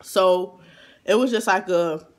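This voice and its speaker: A man vlogger telling a storytime in an animated, emphatic way, with exasperated asides. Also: high voice, slow. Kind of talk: storytime vlog.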